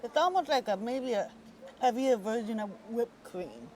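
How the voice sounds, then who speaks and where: Relaxed matter-of-fact woman guest. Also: a little high, moderate pace, poor audio. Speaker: vlog guest. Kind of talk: casual food vlog chat. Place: outdoor tea house seating.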